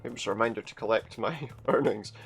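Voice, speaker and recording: A man's voice: on the low side, fast talker, gravelly. Jokey man doing gameplay commentary. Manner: jokey, reads game dialogue aloud. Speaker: let's play host.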